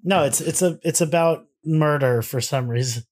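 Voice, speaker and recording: A man's voice: fairly high pitch, normal speed, darkish tone, a little hiss or hum. Chatty rambling man, podcast co-host. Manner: rambling, lots of fillers and restarts, laughs easily. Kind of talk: casual chat.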